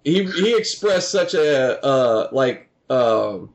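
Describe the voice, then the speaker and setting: A man's voice: medium pitch, big pitch swings, slow pace. A man in casual chat, rambling and searching for words, full of fillers. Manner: rambling, many "you know" fillers, laughs often.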